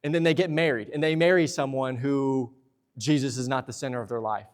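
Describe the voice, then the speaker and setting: A young man preaching a sermon in a church, lively and talkative, slipping into playful asides. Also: mid-range voice, fairly quick. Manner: lively preaching, acts out husband and wife exchanges in asides. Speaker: pastor. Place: church sanctuary.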